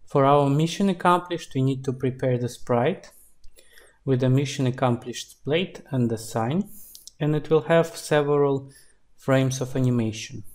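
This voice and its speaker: Relaxed man narrating a game-dev tutorial. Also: mid-range voice, a little slow. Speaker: indie game developer. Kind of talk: screen-recorded tutorial narration.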